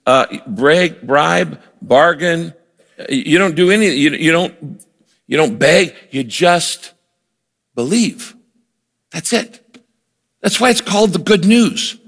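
A man's voice: on the high side, expressive, takes it slowly, vocal fry, pauses often, a bit bright. An older man preaching a sermon as a pastor, earnest and emphatic, often repeating words and acting out quoted lines. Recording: long hall reverb.

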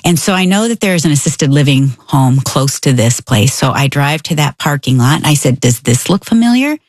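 A middle-aged woman with a low, husky voice and a gravelly edge, telling a personal story with energy. She jumps into the voices of the people she quotes. The sound is dry and close. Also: moderate pace, no room sound. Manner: animated, breaks into quoted voices. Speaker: storyteller guest. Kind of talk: casual storytelling.

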